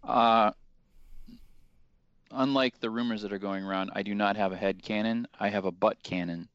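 Low-voiced, deadpan male co-host. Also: normal speed, smooth, dry recording, lo-fi sound. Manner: dry, deadpan joking. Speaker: podcast co-host. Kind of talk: casual podcast chat.

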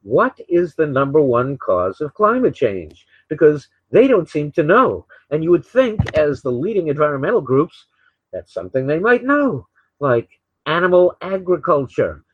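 An older man hosting his own radio show, talking in a rambling, opinionated way, often repeating words and filling pauses with uh and um. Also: fairly high pitch, sing-song, slightly rough, dry recording. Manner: opinionated, sarcastic. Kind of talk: casual solo talk radio monologue. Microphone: desk microphone beside a laptop. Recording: dull, slightly lo-fi dry recording.

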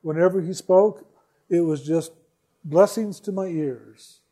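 A man telling a personal story in a slow, reflective way, repeating phrases for emphasis. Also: high voice, dark tone. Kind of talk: storytelling talk.

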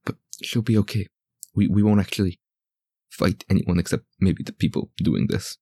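A man voicing an earnest young character in a tabletop game, speaking in a lowered, reassuring tone. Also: normal speed, breathy edge, dry recording, clean studio sound. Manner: softly lowered, reassuring delivery. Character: earnest young person, quietly determined.

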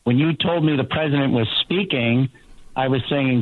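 A man joining a talk radio show as a guest reporter, speaking earnestly in halting, restarting sentences. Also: medium pitch, dry recording. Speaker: reporter and political analyst guest. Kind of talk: casual talk radio chat. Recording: tinny dry phone-like line.

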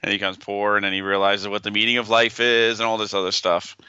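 A man's voice: on the low side, flat delivery, fast, sharp tone, smooth, no echo, lo-fi sound. A man co-hosting a podcast, joking in mock-outraged banter. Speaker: podcast co-host. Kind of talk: casual chat.

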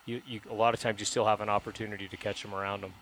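A middle-aged man at a hunting camp, telling a story in a casual, animated way and laughing often. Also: fairly low pitch, racing, slight background noise.

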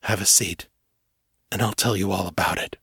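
A man voicing a gray-bearded old village smith, talking softly and gently in a storybook reading. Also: normal speed, slight background noise. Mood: gentle. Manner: soft, gentle, low.

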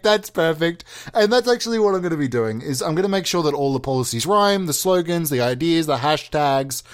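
Rambling self-mocking man. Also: on the high side. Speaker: comedic mock politician. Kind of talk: comedic monologue.

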